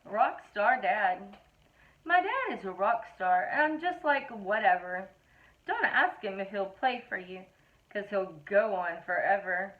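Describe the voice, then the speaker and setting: A middle-aged woman reading funny children's poems aloud in a playful, animated storytelling manner. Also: medium pitch, moderate pace. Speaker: reader of a children's poetry book. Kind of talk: expressive read-aloud of children's verse. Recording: tinny phone-like audio.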